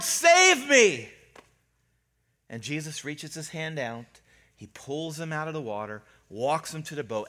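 A man preaching a sermon as a pastor, telling Bible stories in a conversational, humorous way and acting out the voices of the figures. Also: fairly high pitch. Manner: animated storytelling, acting out voices of biblical figures.

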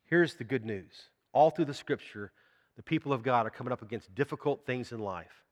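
A man delivers a sermon in a conversational way, putting questions to the congregation. His voice sits at a medium pitch. A long reverb from the church hall trails every phrase. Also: brisk. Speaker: pastor.

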